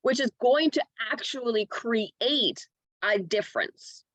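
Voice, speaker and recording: A woman's voice: on the high side, expressive, slow pace, fairly bright tone, no echo. A woman from Canada speaking bluntly and frankly in a casual podcast conversation, swearing freely and tagging on "right?".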